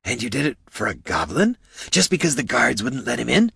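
A man doing Bert, a raspy wisecracking kobold. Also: mid-range voice, sing-song, bright, forceful tone, dry recording, studio quality, full character voice. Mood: curious. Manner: rapid wisecracking street talk, defensive. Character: raspy fast-talking male kobold purse performer, touchy.

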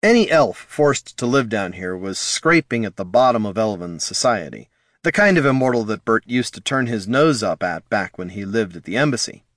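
A man narrating a fantasy audiobook in a steady, measured way. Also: fairly low pitch, dry recording, studio quality.

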